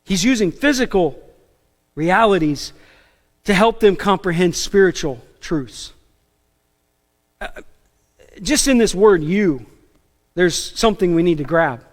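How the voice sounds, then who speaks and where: A man preaching a sermon as pastor, animated and emphatic, with casual asides and self-deprecating jokes. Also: high voice, a little slow, pauses often, big-room sound. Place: church sanctuary.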